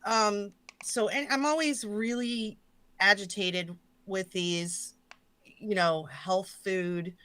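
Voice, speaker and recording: A woman hosting a casual live stream, chatting loosely and swearing, with jokey shout-outs to her chat. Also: mid-range voice, steady tone, takes it slowly, clear, resonant tone. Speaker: stream host.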